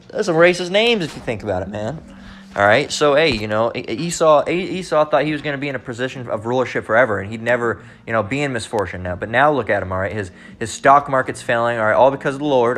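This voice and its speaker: A man preaching in a loose, rambling way, constantly saying "all right" and speaking bluntly with profanity. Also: mid-range voice. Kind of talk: informal religious teaching monologue.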